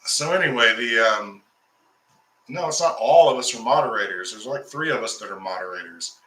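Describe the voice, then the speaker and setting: A man's voice: mid-range voice, moderate pace, pushed and bright, reverberant, rough recording. A man hosting a casual talk, telling a long story to his viewers in a rambling way with restarts, getting heated as he recounts a fight. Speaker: occultist host.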